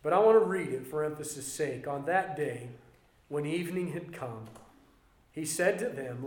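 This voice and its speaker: A man preaching a sermon as a pastor, emphatic and swinging between loud passages and quieter ones. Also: on the high side, normal speed. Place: church. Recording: roomy echo.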